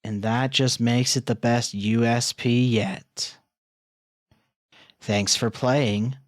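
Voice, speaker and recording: A man streaming a game live, reading its text aloud in an unhurried, musing way and turning flustered when something breaks. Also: medium pitch, fairly even intonation, no room sound, clean studio sound.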